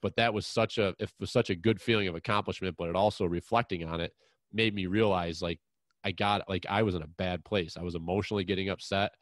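A man's voice: sits low, fairly even intonation, fast talker, dry recording. A man hosting an outdoors podcast, telling a long hunting story in a frank, rambling way with mild swearing. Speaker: podcast host. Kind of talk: casual chat, long personal anecdote.

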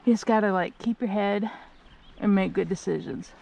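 A woman kayak angler talking to her camera while fishing outdoors on a windy lake, chatty and candid, breaking into excited whoops. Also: mid-range voice, normal speed, gravelly. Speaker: kayak angler filming her tournament day. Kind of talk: casual vlog narration while fishing. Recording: strong outdoor wind noise.

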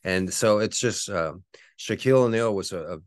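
A man in his forties talks through a loose podcast monologue in a very low voice. He rambles and swears, leaning on fillers and correcting himself as he goes. The sound is dry and close, with no room around it. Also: moderate pace, dry recording. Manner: rambling, profane, frequent fillers and self-corrections. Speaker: podcast host. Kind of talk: casual monologue.

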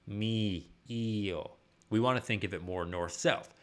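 Low-voiced male vocal coach. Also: a little fast. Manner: patient step-by-step explaining with sung and spoken demonstrations. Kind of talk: YouTube singing lesson.

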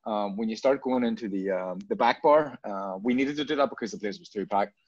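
A man talks in a low, unhurried voice, circling back and repeating words as he works through his points. The sound is dull and lo-fi, with a dry, close feel and no room echo. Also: darkish tone. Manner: rambling, repeats words and restarts often. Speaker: bar owner guest. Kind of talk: casual interview chat.

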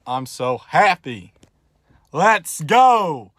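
A young man, gloating and laughing in an excited fan reaction vlog. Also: a little high, extremely slow, very noisy. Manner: gleeful, taunting, bursts into loud laughter. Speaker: vlogger.

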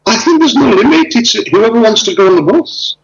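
A man chatting casually on a video call, telling stories with lively acted-out dialogue. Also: extremely high pitch, brisk, vocal fry, dull audio, a loud crowd. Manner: animated storyteller, acts out dialogue. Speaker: interviewee.

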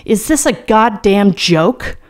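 A woman voicing a rage-prone, arrogant young male businessman, snarling and yelling in an audiobook reading. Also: mid-range voice, expressive, slow pace, voice pushed up. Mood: outraged.

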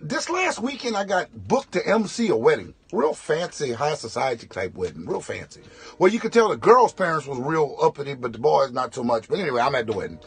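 A male comedian telling a funny story in an animated, fast vlog from inside a tractor, with lots of repetition. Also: a little high, husky.

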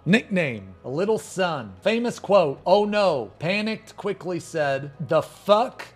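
A man streaming a casual reaction, reading a web page aloud and breaking into excited outbursts and swearing. His voice sits a little high for a man. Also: soft background music. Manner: excitable, laughs often, swears, quick exclamations.

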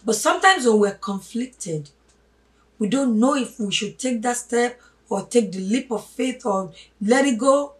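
A woman giving a spoken sermon, emphatic, swinging from loud stresses to hushed asides and calling listeners her brothers and sisters. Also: fairly high pitch, animated, unhurried. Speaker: religious teacher. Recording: voice a little distant from the mic.

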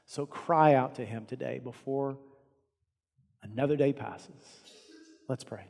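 A man with a Texan accent preaching a sermon as pastor, earnest, swinging from loud emphasis down to hushed, quiet lines. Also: mid-range voice, takes it slowly, gravelly, long reverb tail. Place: large church sanctuary.

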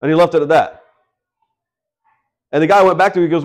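Casting note: man, high voice, house-church pastor, chatty preaching that slips into the voices of the people he quotes. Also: a little fast, pauses often. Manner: conversational preaching, acts out quoted voices, asks the congregation questions. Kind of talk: sermon.

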